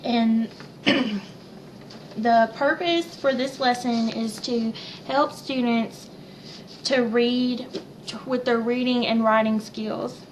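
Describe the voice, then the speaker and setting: A young woman teacher walking through her lesson plan in a plain, unhurried way with a few fillers. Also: a little high, fairly even intonation, slight background noise, poor audio.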